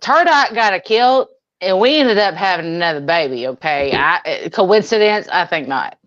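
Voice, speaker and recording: Low-voiced woman teasing bawdily. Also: animated, normal speed, fairly bright tone. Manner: teasing, bawdy, playful. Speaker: podcast co-host. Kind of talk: casual crude banter. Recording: dull lo-fi audio.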